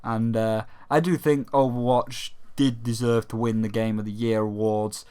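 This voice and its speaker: A man's voice: lowish voice, moderate pace, smooth. A young British man hosting a gaming channel, ranting casually with lots of swearing and mocking imitations. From Britain. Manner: sweary, animated, mocking voices.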